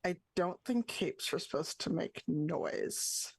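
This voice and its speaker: A woman's voice: low voice, lively intonation, slow pace, gravelly, breathy edge, no echo. Wry woman player in a dry room. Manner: wry, jokey. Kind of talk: tabletop role-play.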